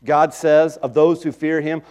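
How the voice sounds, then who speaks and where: A man's voice: a little high, level tone, unhurried, smooth. Man preaching with rising emphasis. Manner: dynamic preaching, swinging between loud emphasis and soft asides. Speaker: pastor. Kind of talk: sermon.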